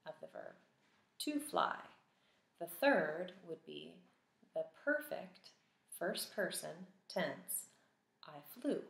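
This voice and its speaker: A woman teaching a Latin vocabulary lesson, patiently sounding out each word form and pausing for the listener to repeat. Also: low voice, creaky. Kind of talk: recorded vocabulary lesson with drills. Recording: echoey room.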